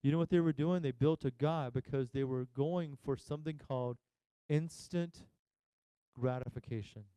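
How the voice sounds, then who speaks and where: A man preaching a sermon as pastor, talking straight to his listeners, asking them questions and pausing for effect. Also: medium pitch, dark tone, clear, resonant tone, no room sound, poor audio. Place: church.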